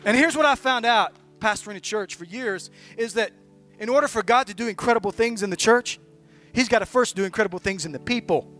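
Male pastor, very high and forceful delivery, emphatic preaching style, restarts often, soft music underneath. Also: a little fast. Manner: emphatic, building to fervent exhortation with repeated restarts. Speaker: visiting pastor. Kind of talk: sermon.

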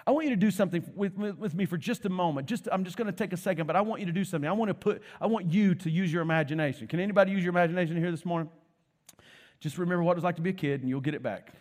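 Male pastor, sermon, high voice, animated storytelling. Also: rapid-fire.

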